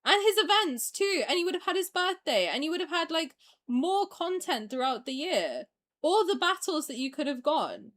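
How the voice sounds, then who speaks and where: A woman's voice: high voice, very animated, normal speed, a bit bright. A young woman streamer ranting in a heated, profane, exasperated way during a casual reaction video.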